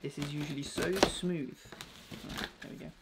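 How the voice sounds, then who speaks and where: A man's voice: on the high side, fairly even intonation, normal speed, gravelly, heavy background noise. A young man chatting casually and rambling with slang while unboxing a new clothing order on a live vlog. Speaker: fashion vlogger.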